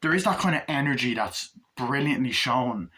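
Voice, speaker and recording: A man's voice: medium pitch, lively intonation, moderate pace, sharp tone. A young man giving a casual, rambling and profane film review, acting out scenes as he retells them. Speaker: movie reviewer.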